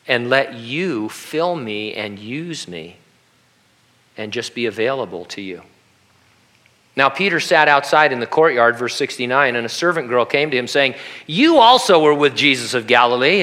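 A man preaches a sermon with a bright, forceful voice. He keeps it conversational, slipping into humorous asides and acting out the lines he quotes. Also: medium pitch. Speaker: pastor.

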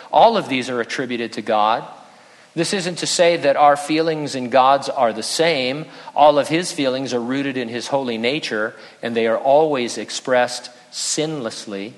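Earnest pastor preaching in echoing sanctuary. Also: male voice, medium pitch, a bit bright. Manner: earnest, conversational, with light humor. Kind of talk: sermon. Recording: long reverb in a large hall.

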